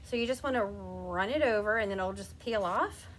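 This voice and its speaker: A woman's voice: mid-range voice, normal speed, a little hiss or hum. A woman in her thirties giving a chatty live craft demonstration, talking to her viewers as she works. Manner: chatty, laughs often, talks to viewers by name.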